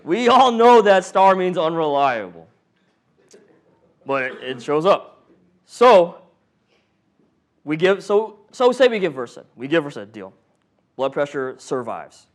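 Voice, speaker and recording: A paramedic instructor talks slowly in a fairly high voice, leaving long pauses. He keeps the class casual and funny, questioning the room and acting out patient and monitor voices with animation.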